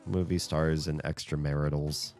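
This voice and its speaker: Casting: male streamer, very low voice, loose rambling chat over a game, faint music underneath. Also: little pitch movement, moderate pace, darkish tone. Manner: rambling, thinks aloud, chuckles often. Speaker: streamer playing a rhythm game. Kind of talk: casual chat while gaming.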